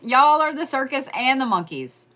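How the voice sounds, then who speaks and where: A woman's voice: sits high, very animated, moderate pace, noisy background. A woman giving a casual, rambling astrology reading, joking and swearing as she talks straight to her listeners. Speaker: astrology and Reiki host.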